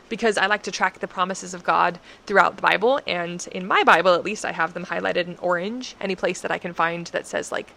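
A woman's voice: on the low side, fast talker, creaky, hardly any pauses, fairly bright tone. A young adult woman who reads a scripture passage aloud, then reflects on it in an earnest, rambling, chatty way with many fillers. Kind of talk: scripture reading and personal reflection.

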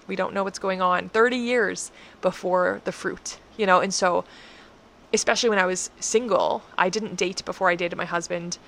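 A woman's voice: fairly low pitch, steady tone, normal speed, creaky, fairly bright tone. A young adult woman who reads a scripture passage aloud, then reflects on it in an earnest, rambling, chatty way with many fillers. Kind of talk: scripture reading and personal reflection.

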